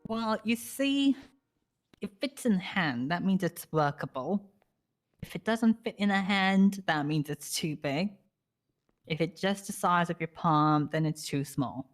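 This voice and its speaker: Brief: low-pitched woman, roleplay player, playful and teasing, mock-posh. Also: expressive, a little slow. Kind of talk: in-character game roleplay chat.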